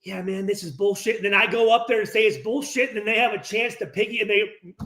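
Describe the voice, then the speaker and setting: A middle-aged man hosting a post-game reaction stream, ranting bluntly and profanely, acting out locker-room exchanges in quick voices. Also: sits high, fairly even intonation, bright, forceful tone, roomy sound. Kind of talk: casual, profane livestream rant.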